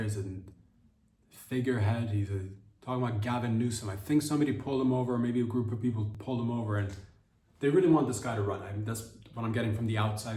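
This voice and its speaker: A man's voice: fairly low pitch, mellow, distant mic. Rambling male podcast host, roomy sound. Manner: rambling, self-interrupting. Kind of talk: rambling comedy monologue.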